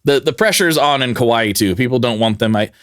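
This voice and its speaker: A man's voice: mid-range voice, lively intonation, a little fast, fairly bright tone, smooth, dry recording, clean studio sound. A man co-hosting a podcast, telling a story in casual chat and acting out quotes in jokey voices. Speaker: podcast co-host.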